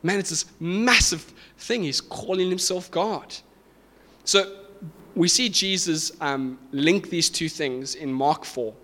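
A man's voice: a little high, slow pace, pushed and bright. A man preaching a sermon to a congregation, explaining scripture with emphatic, rising intensity. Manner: emphatic, builds to raised fervent peaks. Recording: reverberant hall.

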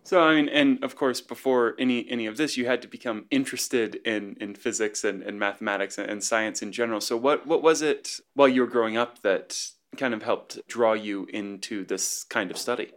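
A man hosting a podcast who asks questions in halting bursts full of restarts. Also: mid-range voice. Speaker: podcast host and interviewer. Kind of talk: conversational interview.

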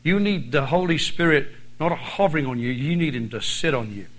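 A man's voice: fairly high pitch, animated, brisk, a bit bright, rough recording. A man with an Irish accent preaching a sermon as a visiting preacher, driving points home by repeating phrases. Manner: emphatic, repeats phrases for stress.

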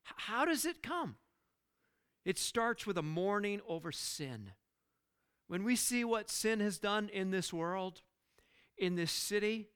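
A man's voice: sits high, fairly bright tone, clear, resonant tone. A man preaching a sermon in church, earnest and full of rhetorical questions, often repeating words as he builds a point. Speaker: pastor.

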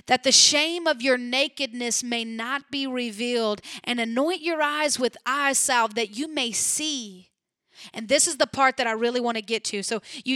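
A woman preacher delivering a sermon, explaining Bible verses in an earnest, emphatic way that moves between soft and urgent. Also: on the high side, no room sound, studio quality.

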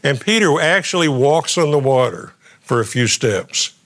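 A man's voice: mid-range voice, animated, normal speed, fairly bright tone. A middle-aged male guest pastor preaching a sermon in a conversational way, often stumbling and repeating his words as he goes.

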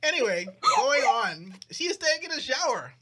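A young man co-hosting a podcast, recounting a story in casual chat with animated, mock-outraged delivery and quick put-on voices. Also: extremely high pitch, very noisy. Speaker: podcast co-host.

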